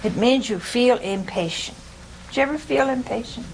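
A woman's voice: a little high, moderate pace, gravelly, slight background noise, poor audio. Chatty woman preaching to a small group. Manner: conversational, quizzes listeners, chuckles often; acts out quoted speech. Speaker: religious teacher. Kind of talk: informal sermon with audience questions.

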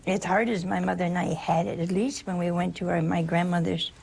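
An older American woman, a religious sister, gives an informal spiritual talk full of chatty anecdotes and gentle humor. Her voice sits on the low side with little pitch movement and vocal fry, moving a little fast, with slight background noise.

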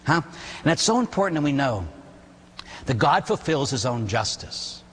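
A man who is a priest, giving an animated sermon and acting out quotes, often ending lines with "huh?". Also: mid-range voice, moderate pace, breathy edge. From Pittsburgh area, USA. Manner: animated storytelling with acted quotes and "huh?" tags. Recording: long hall reverb.

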